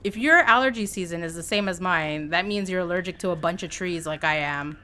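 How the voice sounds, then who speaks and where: A woman streaming a game live, chatting excitably with her viewers as she plays. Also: on the low side, brisk, few pauses, a little hiss or hum. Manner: excitable, chatty, talks to chat. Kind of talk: live gameplay commentary.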